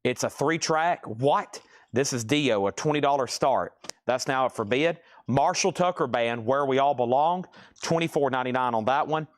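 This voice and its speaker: A man's voice: mid-range voice, moderate pace. Man, mid-range voice, live-stream auction host; joking patter, rattles off prices and bids, a bit winded. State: out of breath.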